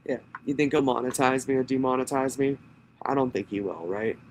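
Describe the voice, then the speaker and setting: A man's voice: mid-range voice, a little fast, darkish tone, slight background noise, rough recording. Profane, sarcastic man. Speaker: channel host. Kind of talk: reading a police report aloud with commentary.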